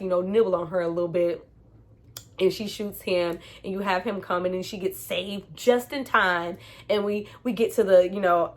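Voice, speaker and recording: A woman casually reviewing a movie, slangy and frank, laughing often and acting out characters' lines in voices. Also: medium pitch. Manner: animated, acts out characters' lines in funny voices.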